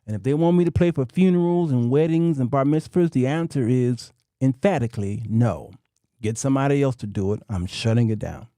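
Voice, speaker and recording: Speaking a little fast, a warm-toned American man in his fifties runs a casual monologue on his own show, folksy and preachy and full of repetition. His voice sits at medium pitch, and the studio-quality recording has no room sound.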